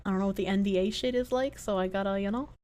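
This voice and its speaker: A woman's voice: medium pitch, fast. A woman livestreamer chatting casually, swearing freely as she reacts to videos. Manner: animated, profane, reacting to videos. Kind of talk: casual chat.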